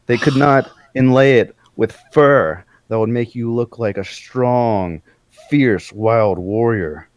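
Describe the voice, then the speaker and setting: A man voicing his own character in a tabletop game, a male salesman adventurer with a flattering, persuasive patter. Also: medium pitch, takes it slowly, no echo, close to an everyday voice.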